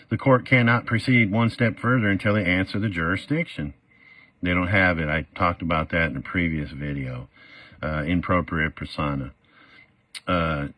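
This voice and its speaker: A man's voice: lowish voice, pushed and bright, no echo. A middle-aged man telling his own story in a casual, rambling way, full of fillers and acted-out quotes. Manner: rambling, many "uh" fillers, acts out quoted voices.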